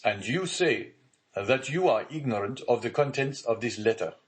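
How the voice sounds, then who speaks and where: A man's voice: mid-range voice, animated, normal speed, voice pushed up, lightly acted. A man reading as an anxious, commanding magistrate. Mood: urgent. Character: pale frightened male magistrate, anxious, commanding.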